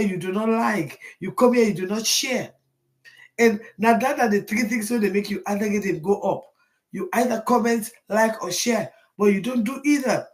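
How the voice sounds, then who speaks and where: A woman, hosting a casual live stream and greeting viewers one by one in a rambling way, with sudden loud bursts. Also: on the high side.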